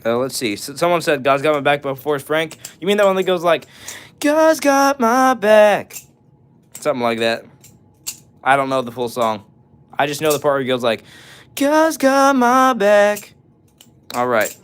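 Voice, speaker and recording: With a smooth, fairly bright, medium-pitched voice, a young man talks fast while hosting a relaxed livestream. He responds to chat messages he reads aloud and breaks into short bits of songs.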